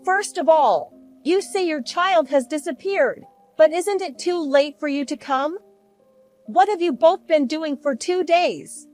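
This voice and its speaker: A woman's voice: sits high, lively intonation, measured pace, a little mellow, soft background music, pitched above the performer's own voice. A woman narrator voicing a stern older grandmother who questions pointedly.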